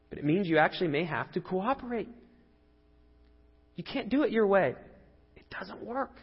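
A man's voice: high-pitched, big pitch swings, normal speed, long pauses, husky. Earnest male pastor in reverberant hall. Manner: earnest, conversational storytelling with rising emphasis. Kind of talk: sermon. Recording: dull lo-fi audio with long hall reverb.

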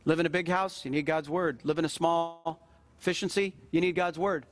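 A man's voice: fairly high pitch, fairly even intonation, fairly quick. A middle-aged man, a pastor, preaching a sermon in a conversational way and repeating phrases for emphasis.

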